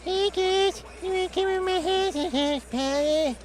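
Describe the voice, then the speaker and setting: A man putting on the voice of a bratty, foul-mouthed cartoon boy in a high, squeaky kid voice. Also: moderate pace. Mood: cheeky. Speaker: pro bowler. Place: trade show floor, outdoors.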